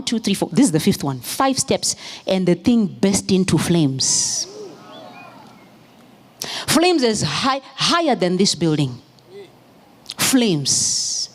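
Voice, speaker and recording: A woman preaching a sermon in church, moving from storytelling into fervent, shouted exhortation. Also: fairly low pitch. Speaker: pastor's wife preaching.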